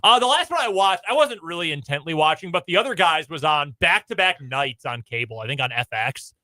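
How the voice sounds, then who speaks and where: Male radio co-host, high and very bright voice, chatty and enthusiastic, dry studio sound. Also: animated, dry recording. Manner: chatty, enthusiastic, lists things quickly. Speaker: radio sports talk co-host. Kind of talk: casual sports radio banter.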